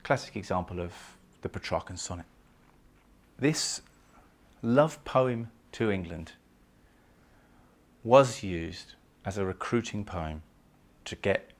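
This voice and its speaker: A man giving a recorded poetry lecture who reads verse aloud and talks with lively emphasis, pushing key words up in pitch and volume. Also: vocal fry. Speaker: literature lecturer.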